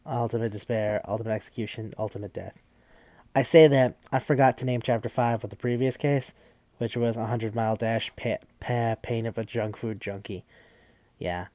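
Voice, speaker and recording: A man's voice: mid-range voice, a little mellow, no room sound. A man hosting a podcast who recaps a game in a casual, rambling way, swearing often and full of fillers. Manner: rambling, profane, with frequent fillers. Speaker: podcast host.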